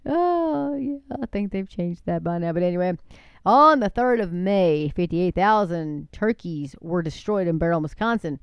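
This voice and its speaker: A woman with a smooth, clear voice, talking in a chatty, digressive way. She keeps calling her listeners "folks" between items on a long list. The sound is dry and close, with no room echo. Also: fairly low pitch, normal speed, lo-fi sound. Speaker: commentator reading a list of incidents. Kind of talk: casual monologue.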